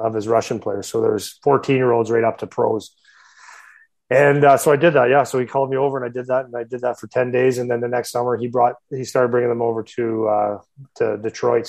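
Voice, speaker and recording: A hockey skills coach, a man of ordinary pitch, spins a long story in casual conversation. He circles back, restarts sentences and adds laughing asides as he talks. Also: a little mellow, low-quality recording. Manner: rambling, self-interrupting, laughing asides.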